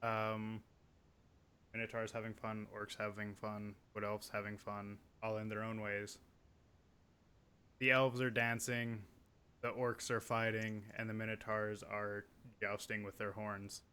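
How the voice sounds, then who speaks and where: A man's voice: lowish voice, level tone, a little slow, bright, forceful tone, clean tone. A man narrating a tabletop role-playing game as game master, in a casual, chatty way with many fillers.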